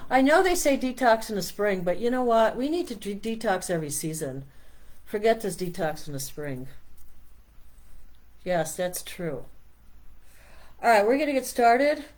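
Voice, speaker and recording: A woman's voice: medium pitch, big pitch swings, moderate pace, pauses often, darkish tone. A middle-aged woman hosting a meditation stream, chatting casually and rambling as she reads product labels aloud. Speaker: meditation host. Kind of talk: casual live-stream chat.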